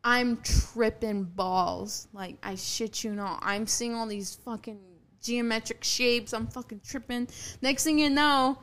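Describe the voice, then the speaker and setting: A woman's voice: fairly high pitch, measured pace, a bit bright. A young woman in her twenties, a podcast guest, telling a story in casual, crude talk, swearing freely and acting out what people said. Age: 20s. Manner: crude, swearing, acts out quotes.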